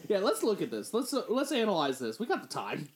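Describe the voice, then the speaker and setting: A woman's voice: mid-range voice, huge pitch swings, a little fast, a little mellow. A woman co-hosting a comedy podcast, bantering bluntly and profanely and laughing often. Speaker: podcast co-host.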